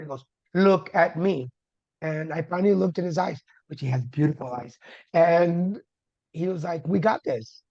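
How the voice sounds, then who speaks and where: Gravelly candid man telling his story. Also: a little high, a little mellow, dry recording. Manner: candid, humorous, dramatic retelling. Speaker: guest, cancer survivor. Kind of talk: personal storytelling. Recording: dull lo-fi dry sound.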